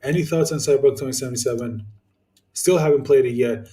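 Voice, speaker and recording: A young man vents to his viewers in a loose, rambling rant, swearing freely and restarting his sentences. His voice is mellow and dark. He sits a little back from the mic in an echoey room. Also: mid-range voice, quick pace, far from the mic. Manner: blunt, swears, many fillers and restarts. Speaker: YouTuber answering viewer comments. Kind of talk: casual ranting vlog.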